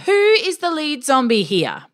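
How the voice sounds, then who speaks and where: A fearless little girl of eleven, put on by a woman reading a storybook, raised high and bossy. She hands out orders firmly and matter-of-factly, her voice bouncing up and down with lively swings. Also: a little slow, heavily acted. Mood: commanding. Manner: firm, matter-of-fact, commanding.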